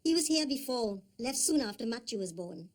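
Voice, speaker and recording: An actress playing a guarded neighbour who answers police questions bluntly and with a sardonic edge. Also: female voice, fairly high pitch, lively intonation, moderate pace, close to an everyday voice. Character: blunt wary female neighbour, adult, defensive. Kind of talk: TV crime drama acting.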